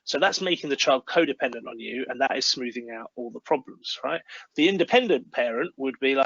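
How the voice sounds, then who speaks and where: A man's voice: mid-range voice, lively intonation, fairly quick, fairly bright tone, dry recording, dull audio. A man speaking earnestly about parenting as a webinar guest, sometimes acting out little parent-child dialogues. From United Kingdom. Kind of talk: webinar talk. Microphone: video call.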